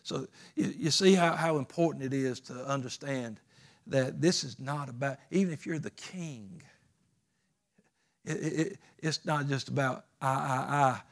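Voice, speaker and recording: A man's voice: mid-range voice, measured pace. Man, pastor, folksy preaching, emphatic calls. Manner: folksy, plainspoken phrasing. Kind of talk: sermon.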